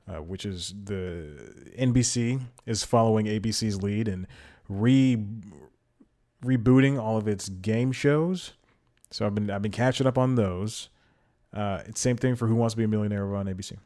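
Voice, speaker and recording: A man's voice: fairly low pitch, a little mellow. A man hosting a solo podcast, rambling casually and laughing at himself as he goes. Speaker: podcast host.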